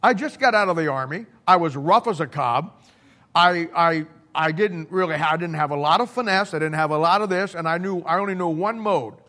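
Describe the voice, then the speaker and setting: A middle-aged man preaching in a loose, conversational way, blunt and folksy. He stumbles and repeats words as he builds his stories. His voice sits a little high for a man. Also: brisk, pushed and bright. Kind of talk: conversational sermon storytelling.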